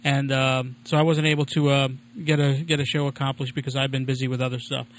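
A man's voice: mid-range voice, flat delivery, fast talker, slight background noise. A man hosting his own home-made radio show, talking in a chatty, digressive, self-deprecating way. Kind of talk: casual rambling monologue. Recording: lo-fi muffled recording.

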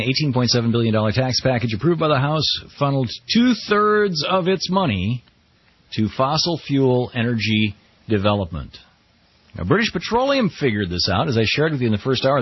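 A middle-aged man hosting a talk radio show, running through the news with a wry, chatty manner and a voice that swoops up and down. His tone is slightly husky, and the sound is dry and a little dull. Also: medium pitch, sing-song, moderate pace, no room sound. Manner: wry, conversational, quotes people in mock voices. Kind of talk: news commentary.

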